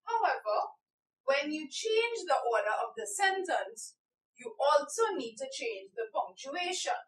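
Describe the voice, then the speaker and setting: A woman's voice: sits high, very animated, measured pace. A woman teaching an English grammar lesson, explaining step by step and stressing key words. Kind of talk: slow, deliberate grammar lesson. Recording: echoey room, a bit far from the mic.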